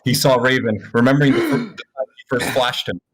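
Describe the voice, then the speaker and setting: A man's voice: medium pitch, fairly quick, husky. Man reading crude fan fiction aloud. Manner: deadpan asides, crude jokes, breaks into laughter. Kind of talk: comedic read-aloud on voice call.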